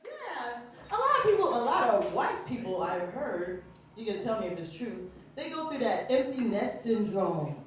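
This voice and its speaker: Woman stand-up, high and lively, brash and profane; distant mic in an echoey club with crowd noise. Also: normal speed. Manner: loud, animated, swearing, acts out characters. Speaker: stand-up comedian; mother of three grown children. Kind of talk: stand-up comedy set. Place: small club stage in Honolulu. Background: audience laughter.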